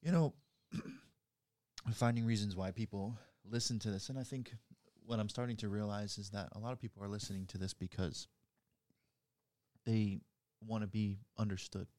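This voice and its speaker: A man's voice: on the low side, fairly even intonation, normal speed, warm tone, dry recording. A man co-hosting a podcast, talking in a laid-back, thoughtful, agreeable way. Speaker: podcast co-host. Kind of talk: casual reflective chat.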